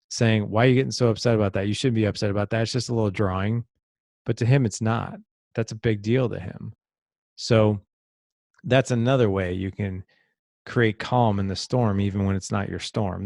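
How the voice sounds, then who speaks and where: A man's voice: lowish voice, gravelly, a little mellow, no room sound, studio quality. A middle-aged man, a podcast guest, telling a personal story in an earnest, reflective way and sometimes repeating words as he thinks. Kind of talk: conversational storytelling.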